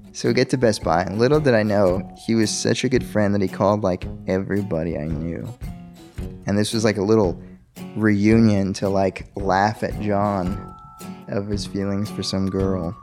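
A man with a fairly low voice tells a personal story in a relaxed, chatty way. He acts out every quoted line, and his voice leaps high on them. Faint music plays underneath. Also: fairly quick. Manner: animated, acts out quoted dialogue with sharp pitch jumps. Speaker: guest telling his story. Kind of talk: casual storytelling.

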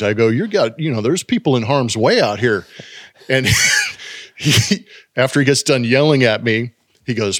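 A man telling ballpark stories in a relaxed chat, voicing the people in them with a laugh. His voice sits at an ordinary pitch. The sound is close and dry, with no room around it. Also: normal speed, pauses often, no room sound. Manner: animated, acts out quotes with laughs. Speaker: former baseball player telling stories. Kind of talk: casual storytelling chat.

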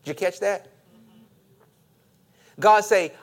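A man's voice: on the high side, lively intonation, moderate pace. A man preaching a sermon, reading scripture aloud and joking as he acts out the voices of the story. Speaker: pastor.

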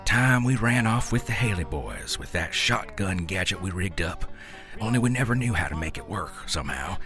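A man's voice: deep voice, lively intonation, normal speed, a bit bright, faint music behind. A man reading a first-person story aloud in a folksy, drawling rural dialect. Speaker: narrator.

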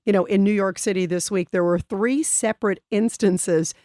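A woman's voice: mid-range voice, fairly even intonation, moderate pace, mellow, dry recording. A woman with a mid-range voice hosts a talk show and reacts with conversational indignation. Her voice sounds dry and close, with no room around it. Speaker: host. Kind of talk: talk radio hosting.

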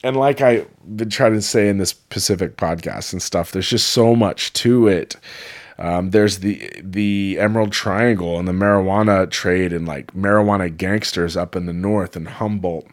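Man from California, low voice, rambling casual travel vlogger, enthusiastic and digressive. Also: fairly even intonation, normal speed.

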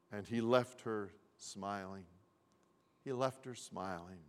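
Slow-spoken pastor in a reverberant hall. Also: male voice, medium pitch. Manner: slow, deliberate storytelling with repetitions. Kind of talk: sermon.

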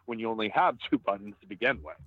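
A man's voice: lowish voice, expressive, quick pace, fairly bright tone, no echo. A man co-hosting a podcast, chatting casually in a blunt, teasing way. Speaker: podcast co-host. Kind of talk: casual chat. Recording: tinny phone-like line.

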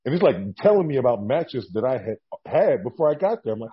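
A man telling a long story in a casual interview, animated and acting out what people said. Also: medium pitch, fairly quick, slightly rough, dull audio. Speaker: guest, former wrestler.

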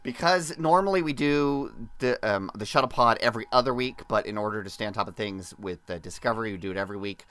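A man's voice: on the low side, quick pace, few pauses, fairly bright tone. A man hosting a casual podcast chat, upbeat and leading the discussion. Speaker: podcast host.

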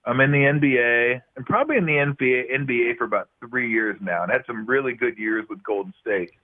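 A middle-aged man trades laugh-filled stories as a guest on a talk show. His voice sits at an ordinary pitch. It comes through a narrow, tinny phone-style line, as if he is calling in remotely. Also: quick pace. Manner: animated, laughing anecdotes. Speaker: guest, former basketball player. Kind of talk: casual storytelling interview.

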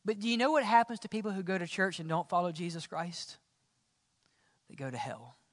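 A man preaching a sermon as pastor in a church, swinging between loud calls and hushed, whispered lines. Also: high-pitched, fast, dry recording, clean studio sound, in a large hall.

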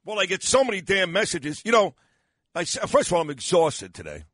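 A man's voice: high voice, brisk, a bit bright, no echo. An older man hosting a morning radio talk show, rambling and self-mocking with lots of fillers, sounding tired and losing his voice. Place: radio studio.

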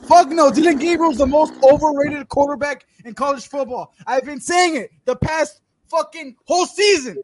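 A man's voice: extremely high pitch, normal speed, few pauses. A man from Texas, a podcast co-host swearing freely as he tells a story. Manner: profane, animated storyteller. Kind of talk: casual storytelling chat.

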